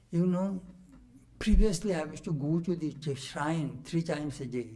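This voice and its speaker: Older man, animated storyteller, fairly high voice. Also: normal speed. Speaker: monk recalling his teacher. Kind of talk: storytelling talk to a retreat audience.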